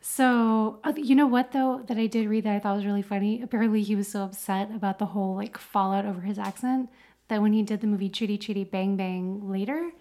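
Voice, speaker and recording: A woman co-hosting a podcast, talking in a chatty, animated way with many fillers. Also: mid-range voice, fairly quick. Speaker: podcast co-host. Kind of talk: casual chat.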